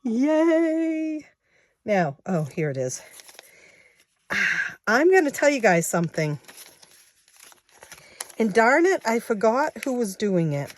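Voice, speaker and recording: A woman in her sixties chatting casually to her viewers, counting money out loud as she goes. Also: mid-range voice, sing-song, takes it slowly, long pauses, no room sound. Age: 60s. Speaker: savings challenge vlogger.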